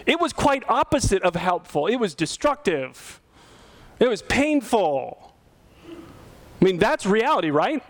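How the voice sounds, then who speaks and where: A man's voice: high-pitched, sing-song, a little slow, pauses often. A middle-aged male pastor giving a sermon in a conversational way, often asking his listeners questions. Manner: conversational, asks the audience questions.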